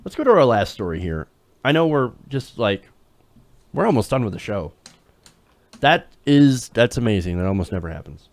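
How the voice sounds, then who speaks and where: Male talk host, sarcastic casual delivery, animated swings of pitch, dry close sound. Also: moderate pace, pauses often, dry recording. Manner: sarcastic, loose, laughing at clips. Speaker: political talk show host. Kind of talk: casual live-stream commentary.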